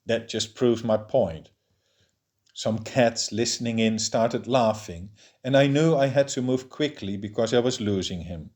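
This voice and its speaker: A man narrating a novel in a steady, measured reading voice. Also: medium pitch. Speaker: audiobook reader.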